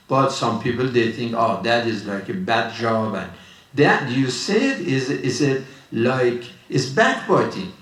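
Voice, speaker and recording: A man's voice: on the high side, a bit bright. Man preaching in a roomy hall. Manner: repetitive, emphatic, conversational with many restarts. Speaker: religious speaker. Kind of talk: informal sermon. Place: mosque hall. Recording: roomy, distant mic.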